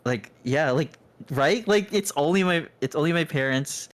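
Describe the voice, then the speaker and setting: A man's voice: a little high, expressive, moderate pace. A man chatting earnestly on a group voice call, rambling with lots of fillers. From Filipino family, raised in the US. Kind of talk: casual group chat.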